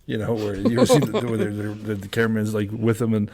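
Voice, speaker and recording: A man's voice: on the low side, little pitch movement, fast, vocal fry, a little mellow. A man hosting a podcast, chatting casually and telling profane stories, acting out the people in them. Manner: profane storyteller, acts out quotes. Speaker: podcast host. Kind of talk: casual chat.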